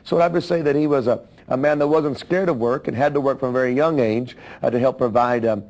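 A man speaks at an ordinary pitch, telling a life story in the manner of a sermon. He tells it in a measured way, adding his own comments as he goes. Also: a little mellow, low-quality recording. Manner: measured storytelling, with asides to listeners. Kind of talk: biographical sermon narration.

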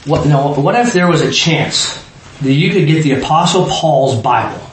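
Leading a small-group Bible study, this adult parent and teacher speaks in an animated, higher-pitched voice at a moderate pace. He keeps it conversational, questioning the group and frequently restarting sentences, in an echoey room with faint background noise.

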